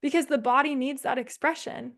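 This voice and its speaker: A woman's voice: high voice, steady tone, a little fast, creaky, fairly bright tone. Candid woman leading a somatics workshop. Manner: casual, candid, swears freely. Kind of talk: online workshop talk.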